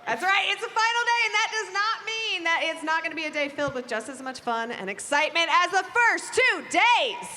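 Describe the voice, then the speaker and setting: A woman's voice: very high-pitched, expressive, fairly quick, hardly any pauses, bright, forceful tone. A woman co-hosting a live convention stream, bubbly and cheering. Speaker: co-host. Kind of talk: upbeat live event hosting. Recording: noisy convention floor with crowd.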